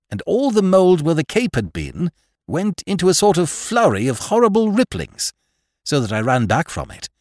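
A man's voice: medium pitch, dry recording, clean studio sound. A man narrating a classic horror story as a podcast host, reading dramatically and rising and sinking with the tension. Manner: dramatic, rises and sinks with the tension.

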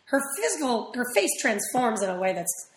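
A woman chatting casually as a guest in an interview, rambling with quick asides. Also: a little high, big pitch swings, reverberant, a little hiss or hum, poor audio. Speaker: actress guest.

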